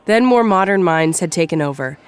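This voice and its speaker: A narrator reading a story in a measured, steady manner. The pitch sits in a middle range. Light music plays faintly behind the voice. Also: clear, resonant tone. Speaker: audiobook narrator. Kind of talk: scripted narration.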